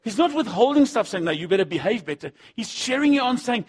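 A man preaching a sermon, swinging between loud punchy lines and low asides, acting out the voices he quotes. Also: sing-song, quick pace, few pauses, husky. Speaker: pastor.

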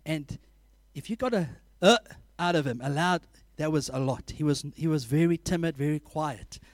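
A man preaching a sermon, telling animated stories, laughing often and acting out scenes. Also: fairly high pitch, moderate pace, no room sound.

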